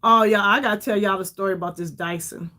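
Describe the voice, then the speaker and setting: A woman's voice: medium pitch, fairly even intonation, fast talker, bright, forceful tone. A middle-aged woman hosting a casual makeup livestream, chatty and rambling, calling her viewers "y'all" and sounding tired. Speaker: beauty livestream host.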